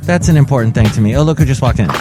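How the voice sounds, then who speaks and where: A man's voice: medium pitch, very fast, over loud music. A man hosting a comedic solo podcast and riffing playfully on the day's stories. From California. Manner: jokey, playful delivery. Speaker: podcast host.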